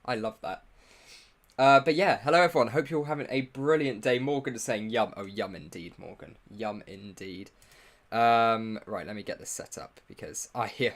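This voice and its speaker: A man's voice: fairly low pitch, lively intonation, moderate pace, fairly bright tone. A young man hosting a casual live stream, greeting viewers in the chat and making self-mocking asides while he sets up. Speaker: livestream host.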